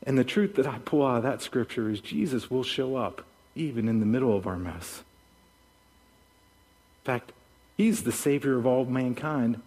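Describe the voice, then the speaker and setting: Animated male pastor in reverberant hall. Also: medium pitch. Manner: animated storyteller, acts out voices. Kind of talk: sermon.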